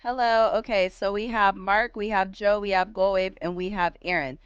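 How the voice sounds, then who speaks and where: A woman host ranting in a casual reaction stream, firing off rhetorical questions and rising to animated outbursts. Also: medium pitch, moderate pace, clear, resonant tone, no room sound, muffled recording.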